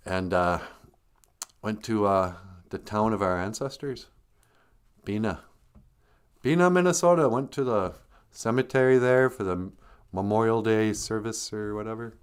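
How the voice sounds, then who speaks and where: A man's voice: lowish voice, unhurried, pauses often, clean tone. An older man hosting a casual livestream, greeting viewers and telling joking stories with frequent chuckles. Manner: joking, storytelling, chuckles often. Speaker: livestream host.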